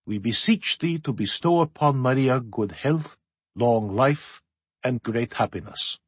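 A man voicing an older Tsar who slowly intones a solemn family prayer in a storybook reading. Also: mid-range voice, animated, breathy edge, no echo. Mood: prayerful.

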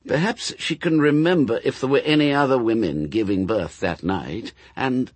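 A man's voice: mid-range voice, moderate pace, slightly rough, no echo, natural voice. A man voicing a prim, fussy male angel with a mild, precise way of speaking. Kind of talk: audiobook character voice.

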